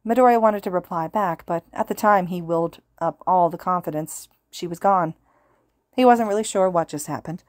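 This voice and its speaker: Woman narrator, fan fiction reading, low voice, calm steady pace, dry sound. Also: normal speed, dry recording. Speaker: podfic reader.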